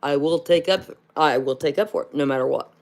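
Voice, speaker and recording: A woman from hosting a casual livestream and answering viewer comments. She speaks bluntly, fills pauses with "uh", and calls everyone "honey". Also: sits low, a little mellow. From southern Ohio. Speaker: livestream host.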